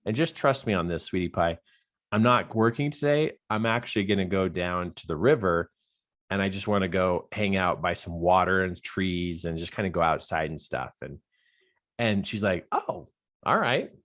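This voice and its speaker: Animated man telling a story. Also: low-pitched, moderate pace. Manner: expressive, laughs often, acts out dialogue. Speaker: life coach.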